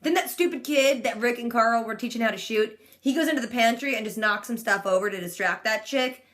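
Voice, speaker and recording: A woman's voice: fairly high pitch, brisk, a bit bright. A woman in her twenties recapping a TV episode in casual chat, sarcastic and full of "like". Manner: sarcastic, chatty, heavy use of "like". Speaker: vlogger.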